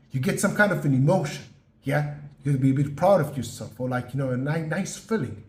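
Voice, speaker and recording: A man giving an earnest motivational talk, slow and emphatic, often checking in with "yeah?" and "okay?". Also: fairly high pitch, reverberant. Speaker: motivational podcast host.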